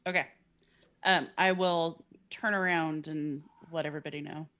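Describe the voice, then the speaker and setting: A woman with a fairly low voice plays a tabletop game. She talks casually and hesitantly, often stopping to ask the game master questions. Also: fairly even intonation, moderate pace, fairly bright tone. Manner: chatty, hesitant, asks questions. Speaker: player.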